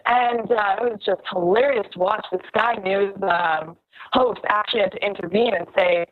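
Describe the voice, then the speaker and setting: A young woman from Canada, a guest on a talk show, telling her story in an animated, pointed way. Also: mid-range voice, moderate pace, phone-quality sound. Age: young adult. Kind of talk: phone-in interview.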